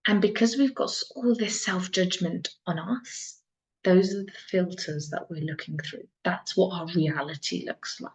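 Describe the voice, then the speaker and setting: Earnest woman, soft and reflective. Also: lowish voice, unhurried. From England. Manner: soft, earnest, repeats phrases for emphasis. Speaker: soul mentor. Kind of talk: reflective monologue. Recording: dull lo-fi sound.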